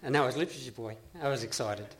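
Speaking very fast in a mid-range voice, a middle-aged Australian man gives his recovery testimony to a meeting. He is earnest but rambling, restarting often and laughing along the way.

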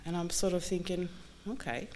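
A woman candidly telling her recovery story in a halting, earnest way, full of restarts. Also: lowish voice, dark tone, a little hiss or hum. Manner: candid, halting, many restarts and you-knows. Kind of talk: personal testimony talk.

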